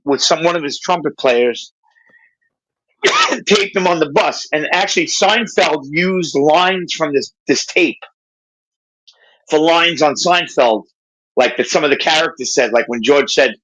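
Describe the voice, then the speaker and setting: A man hosting a casual livestream chat, telling profane, animated stories in a bright, slightly raised voice. The sound is dry and close. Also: on the high side, unhurried, pauses often, dry recording, low-quality recording. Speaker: host.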